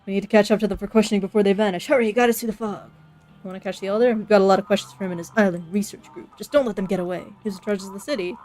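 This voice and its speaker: A woman's voice: mid-range voice, steady tone, rapid-fire, darkish tone, faint music behind, close to an everyday voice. A woman reading the lines of a stern sheriff giving orders over the radio, firm and clipped. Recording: faint background noise.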